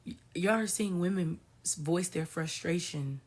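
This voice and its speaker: A woman spiritual coach speaks in a casual, ranting commentary style and hammers points home by repeating them. Her voice sits on the low side and has a breathy, husky edge. She talks emphatically and swears freely. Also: a little slow.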